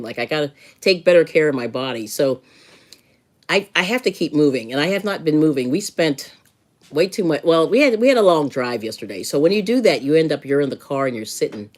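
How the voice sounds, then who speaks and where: A woman's voice: sits low, expressive, brisk, darkish tone. A middle-aged woman hosting a live stream, casually chatting with viewers and giving advice, laughing often. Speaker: livestream host.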